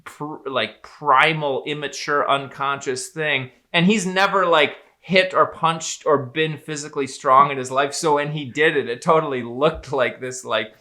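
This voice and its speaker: A man's voice: on the high side, measured pace, few pauses, bright, forceful tone. A man co-hosting a podcast, speculating in casual chat with frequent fillers and restarts. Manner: speculative, rambling with many fillers. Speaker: podcast co-host.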